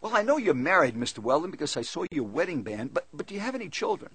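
Male cab driver figure, put on by a storyteller, friendly, folksy, polite, husky, dry sound. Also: on the high side, big pitch swings, quick pace, a bit bright, no echo, full character voice. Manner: polite, folksy, keeps saying "Mister Weldon".

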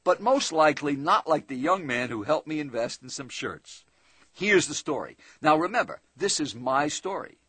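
Male sales trainer, chatty seminar storytelling, lively, slightly husky. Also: on the high side, moderate pace, no room sound. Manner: conversational, addresses listener directly, asks tag questions.

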